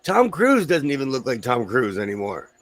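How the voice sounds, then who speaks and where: A man's voice: medium pitch, huge pitch swings, normal speed, fairly bright tone, a little hiss or hum. A man hosting a casual chat, joking around while losing his voice. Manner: chatty, joking asides. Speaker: host.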